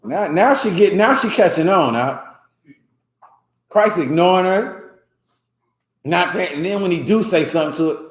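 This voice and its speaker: Brief: male class instructor, casual and animated, lively pitch swings, echoey room. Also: unhurried, pauses often. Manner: animated, laughing, mock voices. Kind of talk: casual teaching commentary.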